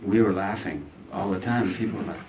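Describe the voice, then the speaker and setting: A man's voice: sits low, brisk, very noisy. A man speaking as a guest at a film Q&A, telling anecdotes in a chatty way and often laughing as he talks. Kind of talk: casual anecdotal storytelling. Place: cinema hall in front of an audience.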